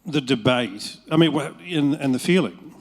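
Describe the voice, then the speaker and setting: A man's voice: medium pitch, expressive, normal speed. A man in the audience of a public talk, asking a long, winding question.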